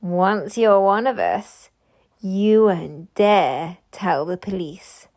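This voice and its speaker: A woman's voice: medium pitch, extremely slow, a little mellow. A woman voicing a brutal male robber in a storybook read-aloud, growling and sneering. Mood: menacing.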